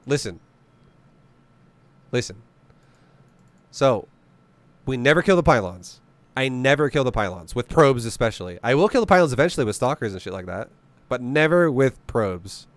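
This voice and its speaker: A man's voice: medium pitch, very animated, moderate pace, long pauses, no room sound. Guy swearing his way through a game breakdown, blunt and jokey, dry close sound. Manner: profane, blunt, joking. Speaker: game commentator. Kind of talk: casual gameplay commentary.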